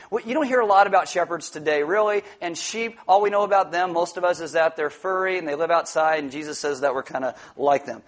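A man's voice: high voice, a bit bright. A male pastor giving a playful, jokey sermon in a church, bringing volunteers up and joking with the congregation. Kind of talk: sermon with audience interaction. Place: church sanctuary.

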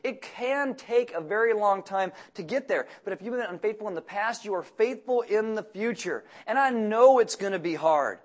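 High-voiced male pastor preaching. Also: lively intonation, normal speed, few pauses. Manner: conversational, joking preaching. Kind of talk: sermon.

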